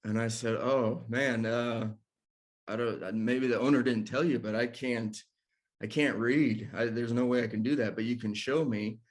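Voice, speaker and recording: A man's voice: mid-range voice, normal speed. A man casually telling a personal story, acting out what people said and laughing between lines. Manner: animated storyteller who acts out quotes and laughs between lines. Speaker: ministry discussion guest telling a personal story.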